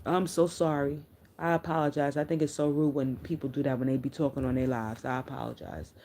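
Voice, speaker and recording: Rumbling low and mellow, with little pitch movement, a middle-aged woman talks briskly on a casual live stream against slight background noise. The livestreamer tells candid, blunt, profane stories and answers viewers' comments.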